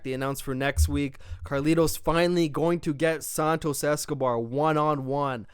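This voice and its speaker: A young man giving a casual, profane, excited recap of a wrestling show as its reviewer. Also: fairly high pitch, clean tone, no echo, clean studio sound.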